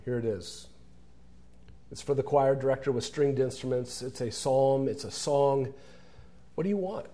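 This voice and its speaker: A man's voice: medium pitch, normal speed, pauses often, mellow. A man preaching a sermon, reading scripture aloud with earnest emphasis. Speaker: pastor.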